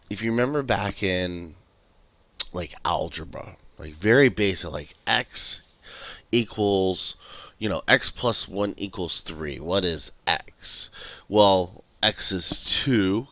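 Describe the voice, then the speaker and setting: A man's voice: low-pitched, fairly bright tone, dry recording, dull audio. A man running a casual live coding tutorial over a headset mic, chatty and rambling, with lots of fillers and restarts. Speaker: livestream programming tutor.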